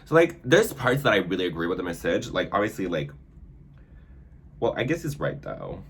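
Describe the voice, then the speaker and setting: A man's voice: deep voice, big pitch swings, moderate pace, fairly bright tone, a little hiss or hum. A man chatting casually through a makeup tutorial, filling his talk with "like" and stumbling whenever he reads aloud. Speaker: makeup vlogger.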